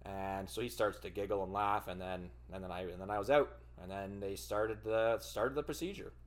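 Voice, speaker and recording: A man hosting a podcast, telling a personal story in casual, profane, rambling speech. He fumbles for words and breaks into loud, animated bursts. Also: lowish voice, moderate pace. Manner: animated retelling with loud outbursts. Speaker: podcast host.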